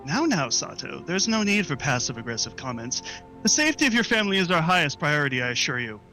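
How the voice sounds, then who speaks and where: A man voicing a calm, formal male half-elf spymaster in a tabletop game, speaking in a measured, soothing way. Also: fairly high pitch, faint music behind, voice pushed down, poor audio. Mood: smooth.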